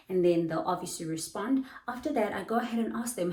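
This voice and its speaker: Speaking quickly in a fairly low pitch, the young woman, a bubbly online English tutor from South Africa, gives casual teaching pointers and plays out little dialogues with lively energy. The recording is rough and sounds roomy.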